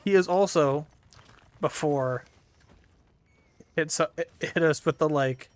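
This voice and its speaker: A man's voice: fairly high pitch, takes it slowly. Rambling, foul-mouthed young streamer man. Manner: rambling, profane, lots of 'like' fillers. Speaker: game streamer. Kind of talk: casual storytelling while gaming.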